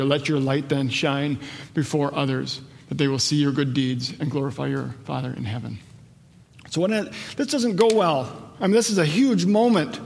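A man preaching a sermon. He reads scripture slowly and rises in pitch and loudness when he stresses a point. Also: creaky. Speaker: pastor. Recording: long hall reverb.

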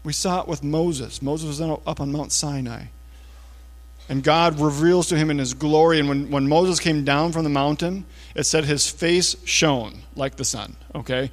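A man gives an unhurried, conversational sermon, adding little asides and often sinking into a low, hushed voice for emphasis. His manner is casual, with frequent checks like "okay?" and "all right?" to his listeners. A large hall's long reverb fills the recording.

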